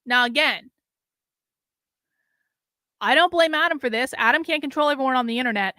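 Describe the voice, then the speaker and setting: A middle-aged woman hosts her own show alone, rambling through her thoughts with lots of fillers, exasperated and drained. Her voice sits a little high and sounds bright and forward. It is recorded dry and close. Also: normal speed, no room sound. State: drained and low on energy. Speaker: host. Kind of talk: casual solo commentary.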